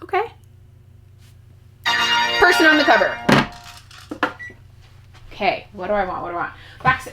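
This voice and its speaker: A young woman chatting excitedly as a book vlogger, bubbly and talkative, now and then squealing with delight. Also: fairly high pitch, background noise. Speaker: book YouTuber. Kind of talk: casual vlog chat.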